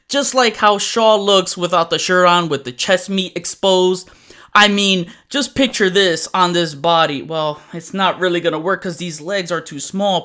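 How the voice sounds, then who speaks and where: A man's voice: high voice, pushed and bright. A man reviewing action figures in a chatty, enthusiastic way. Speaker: toy reviewer. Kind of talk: casual toy review.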